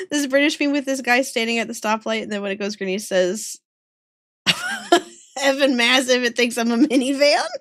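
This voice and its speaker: A woman's voice: mid-range voice, dry recording, studio quality. A young woman from the American South with a slight Southern accent and a touch of New York, chatting casually and giggling with viewers while drawing on a livestream. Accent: slight Southern US with some New York vowels. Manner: giggly, laughs often, chatty. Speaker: streamer drawing art live.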